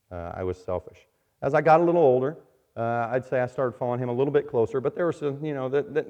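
A man's voice: fairly low pitch, darkish tone, highs cut off. A middle-aged man preaching in church, giving his personal testimony in a conversational way with many fillers and asides to the congregation.

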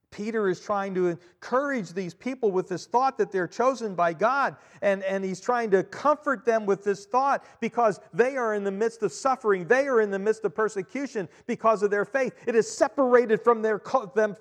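A man preaching a sermon as pastor, emphatic, repeating key phrases and swinging between loud and quiet. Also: sits high. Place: church. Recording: long reverb of a church hall.

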